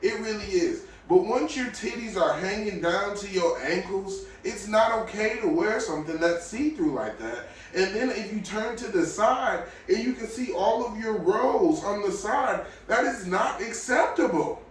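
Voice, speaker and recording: A podcast host delivers a blunt, opinionated solo rant, dropping to low mutters and then bursting out loudly. His voice sits a little high for a man. The room is strongly echoey, the mic is placed some way off, and a faint hiss runs underneath. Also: lively intonation, measured pace, few pauses, distant mic. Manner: blunt, opinionated, swings between low mutters and loud outbursts.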